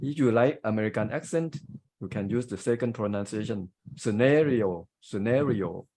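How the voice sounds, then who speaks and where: A man's voice: on the low side, fairly quick, a little mellow, poor audio. A man with a Thai accent giving grammar and pronunciation feedback as a club grammarian on a video call, explaining carefully with examples.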